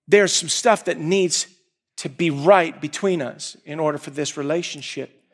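A preacher with a fairly high male voice gives a sermon at a measured pace. He tells the story with energy, shifting between quiet, intimate moments and loud, urgent ones.

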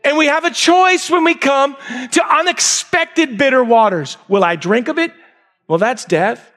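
Male pastor, high voice, emphatic sermon delivery with repeated points. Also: measured pace. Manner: emphatic, repeats key lines, swings from raised to hushed.

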